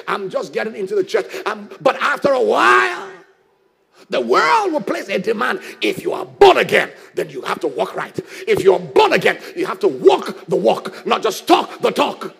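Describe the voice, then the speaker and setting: A man preaching a sermon as pastor, shouting and lifting his phrases into a sing-song. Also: high voice, very animated, moderate pace, creaky, breathy edge.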